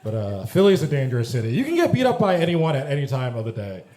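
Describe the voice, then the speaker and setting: With a warm, medium-pitched voice that swings hugely in pitch, this twenty-something comic talks fast through his stand-up set, yet his delivery stays dry and proper. A handheld stage mic catches him in the echoing club, where the crowd keeps laughing.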